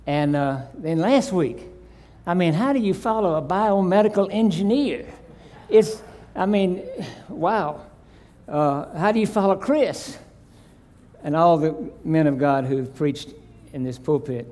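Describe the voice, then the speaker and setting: A man's voice: high voice, lively intonation, unhurried, dark tone. A man in his sixties or seventies, a visiting preacher in a church, talking in a folksy, self-deprecating way before a reverent prayer and scripture reading. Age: 60s or 70s. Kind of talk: sermon.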